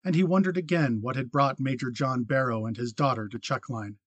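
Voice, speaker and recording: Male audiobook narrator, measured and even; dry, mid-pitched studio read. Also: no echo, muffled recording. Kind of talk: scripted narration.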